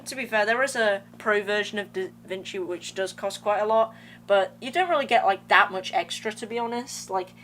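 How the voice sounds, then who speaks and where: A young woman chats casually with her viewers during a gaming live stream, rambling and using plenty of slang. She has a medium-pitched, fairly bright voice, and game music plays amid slight background noise.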